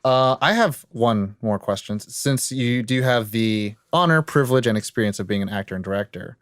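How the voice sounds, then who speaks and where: A man's voice: medium pitch, normal speed, no echo, studio quality. Chatty male podcast host. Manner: rambling questions full of fillers. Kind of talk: casual chat. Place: podcast studio.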